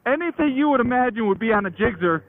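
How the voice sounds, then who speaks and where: A man's voice: very high-pitched, lively intonation, quick pace, no echo. A man in his late thirties telling a rambling, slangy motorcycle story, laughing often and swearing freely. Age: late 30s. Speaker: motorcycle vlogger. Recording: tinny phone-like sound with faint noise.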